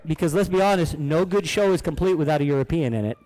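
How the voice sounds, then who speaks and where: Goofy guy showing animals to kids, high lively voice, cracks jokes, laughs a lot. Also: racing, rough recording. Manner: jokey, animated, talks to kids, laughs often. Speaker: animal educator presenting live animals. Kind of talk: playful kids' show presentation.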